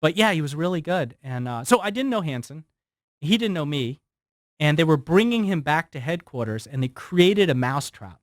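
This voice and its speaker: A man in his forties tells a story as a radio guest, acting out the other people's lines as he goes. His voice sits a little high. The studio sound is dry and close. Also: moderate pace, no echo. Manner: animated storyteller who acts out quotes. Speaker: guest, former FBI surveillance specialist.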